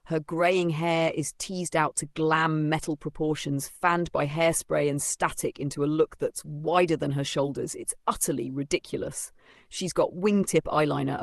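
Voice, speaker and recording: Man, gravelly voice, dry sardonic first-person novel narration, close dry recording. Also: on the high side, no echo. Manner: dry, sardonic, vivid storytelling. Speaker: audiobook narrator.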